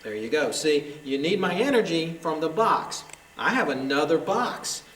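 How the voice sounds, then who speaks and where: A man's voice: fairly high pitch, sing-song, normal speed, fairly bright tone, roomy sound, low-quality recording. A man, a paranormal investigator, talks tenderly to unseen spirits in a derelict hospital at night, pleading and calling them honey and sweetheart. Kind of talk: coaxing talk to unseen spirits.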